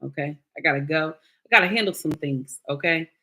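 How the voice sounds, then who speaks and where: In a livestream rant, a middle-aged woman creator berates her viewers with blunt, preachy commentary. Her deep voice is bright and forceful, moving at a fairly quick clip.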